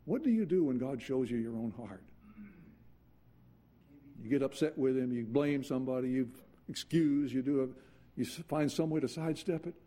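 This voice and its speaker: A man preaching a sermon earnestly, dropping to quiet intensity and then rising into urgent passages. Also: mid-range voice, normal speed, long pauses.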